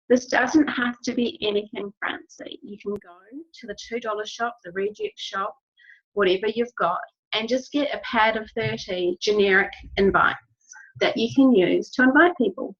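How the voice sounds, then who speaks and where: Woman, business trainer, encouraging instructional talk, slightly husky voice, dull lo-fi recording. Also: fairly high pitch, normal speed. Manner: earnest, encouraging, repeats key phrases.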